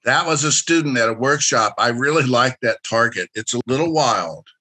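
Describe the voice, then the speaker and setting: Running an interactive career workshop lecture, a man gives direct, instructive and encouraging guidance and gets participants to answer. He has a medium-pitched, bright, forceful voice with lively intonation and talks at a normal pace.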